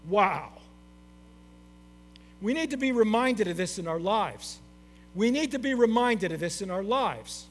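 Middle-aged male pastor, high animated delivery, emphatic sermon, reverberant hall. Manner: emphatic, repeats key phrases, addresses the congregation as church. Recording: long hall reverb with faint mains hum.

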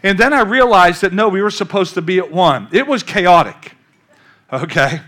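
An older pastor with a high-pitched voice speaks at normal speed, preaching a sermon through a long story. He's animated and calls out questions to the congregation as he narrates.

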